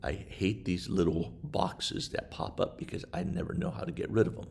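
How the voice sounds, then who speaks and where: A man giving a casual screen-share tutorial on study software, talking in a halting way with many fillers. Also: deep voice, very animated, creaky, a little hiss or hum. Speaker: instructor. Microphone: desktop microphone while screen recording.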